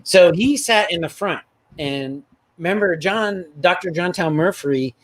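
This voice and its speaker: A man's voice: sits high, measured pace, slight background noise. A middle-aged man co-hosting a podcast, retelling college stories with lots of laughter. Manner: laughs often, animated retelling. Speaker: podcast co-host. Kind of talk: casual storytelling chat.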